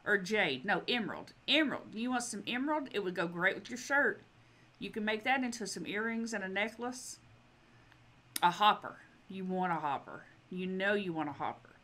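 A woman's voice: medium pitch, expressive, normal speed, sharp tone. A woman giving casual let's-play commentary, chatty and exasperated as she pleads with the characters in her game. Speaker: gaming video creator.

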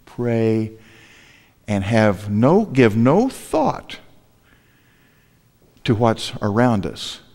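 An older male pastor delivers a sermon in a large church hall, his medium-pitched voice carrying the sound of a big room. He tells a story with self-deprecating humor and poses rhetorical questions to the congregation.

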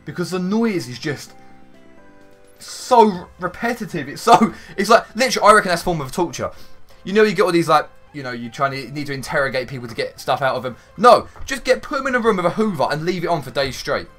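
A man commentating his own gameplay for a video, excitable and rambling, swearing now and then and breaking into sudden shouts. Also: fairly high pitch, fairly quick, faint music behind. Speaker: gaming YouTuber.

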